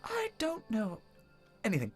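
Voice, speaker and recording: A man's voice: high-pitched, wildly swooping pitch, measured pace, faint music behind, voice pushed up, exaggerated voice. A man voicing a scared, timid young boy who answers in short, frightened bursts. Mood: nervous. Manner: short frightened replies, rising to panicked cries.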